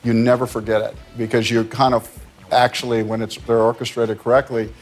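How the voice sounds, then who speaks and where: A man's voice: medium pitch, little pitch movement, fairly quick, faint music behind. An older American man telling long casual stories on talk shows, rambling, laughing, and restarting his sentences. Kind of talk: casual anecdotes.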